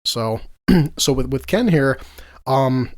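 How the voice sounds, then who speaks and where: A man's voice: mid-range voice, lively intonation, takes it slowly, no room sound. A man hosting a casual podcast, ranting heatedly and swearing freely. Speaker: podcast host.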